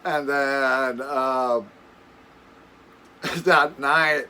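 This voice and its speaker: A man recounting camping stories for his vlog from a camper, rambling and chuckling as he goes. He talks slowly, in a bright, forward-sounding voice, often backing up to restart a thought. Faint outdoor ambience sits behind him. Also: medium pitch, steady tone, a little hiss or hum. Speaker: camping vlogger. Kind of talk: casual storytelling.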